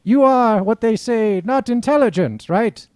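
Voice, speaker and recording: A man's voice: very high-pitched, animated, measured pace, a little mellow, pitched above the performer's own voice. A man voicing a pompous halfling who claims to be a god, speaking in grand, archaic phrases. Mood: haughty.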